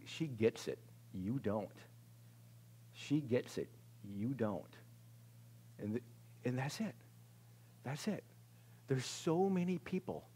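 A male pastor giving a conversational sermon in a church service, swinging from loud exclamations to hushed near-whispers and laughing at himself. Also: medium pitch, breathy edge.

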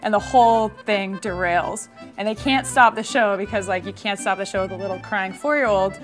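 A young woman comedian telling a childhood story in a wry, casual, deadpan way, with music playing behind her. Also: mid-range voice, normal speed. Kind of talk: comic storytelling.

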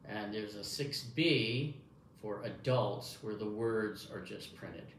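A man's voice: fairly low pitch, takes it slowly. A man running a hearing test demonstration, speaking to the listener in an encouraging way, as if to a young child. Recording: echoey room, faint background noise.

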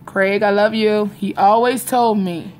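A woman's voice: mid-range voice, steady tone, unhurried, a little hiss or hum. A young woman vlogging casually to her viewers, rambling and confiding, repeating herself and calling them y'all. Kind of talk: casual vlog chat to viewers. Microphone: phone or webcam in front of her.

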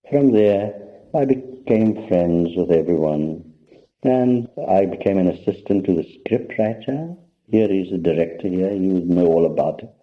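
Deep-voiced older man telling a story. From India. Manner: anecdotal, conversational, addresses listeners directly. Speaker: spiritual teacher. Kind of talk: storytelling talk to an audience. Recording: muffled lo-fi talk recording.

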